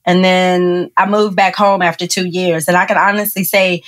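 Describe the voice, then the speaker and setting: A woman guest on a podcast, recounting her own story in relaxed conversation, laughing often and acting out the people she quotes. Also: lowish voice, normal speed.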